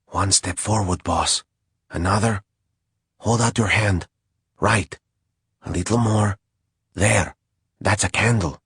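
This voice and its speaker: A man's voice: lowish voice, slow, long pauses, fairly bright tone, slightly rough, dry recording, exaggerated voice. A man voicing a dry, sardonic small flying creature who serves as a loyal familiar. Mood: wry.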